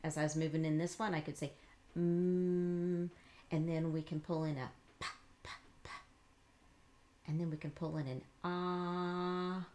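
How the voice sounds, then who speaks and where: A woman reading teacher giving a patient, encouraging lesson, slowly modeling letter sounds and explaining each step. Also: low voice, steady tone, darkish tone. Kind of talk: instructional demonstration.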